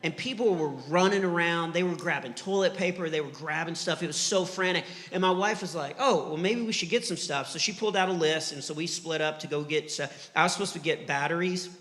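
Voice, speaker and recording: A middle-aged man from Texas doing clean stand-up, an animated storyteller who acts out the voices in his stories. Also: a little high, fairly quick, few pauses. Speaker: stand-up comedian. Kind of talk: clean stand-up comedy with faith message. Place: church hall before a live audience. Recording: live church hall reverb.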